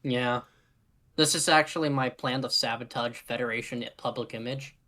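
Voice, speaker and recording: A man's voice: medium pitch, fairly even intonation, normal speed, bright, forceful tone. A man playing in a tabletop role-play game, chatting casually with self-mocking, laughing asides. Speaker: player.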